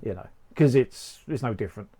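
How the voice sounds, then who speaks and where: A man's voice: medium pitch, lively intonation, brisk, warm tone, slightly rough. A man hosting a casual studio chat, making dry quips and moving the show along. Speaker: show host.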